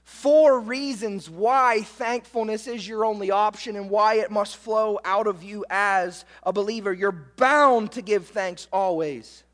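A man's voice: high voice, a little slow, few pauses, a bit bright. A man preaching a sermon, emphatic and full of rhetorical questions to his listeners. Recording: long hall reverb.

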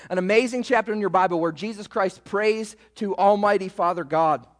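A man's voice: sits high, big-room sound. A man preaching a sermon as pastor, emphatic, often repeating himself and checking in with "right?".

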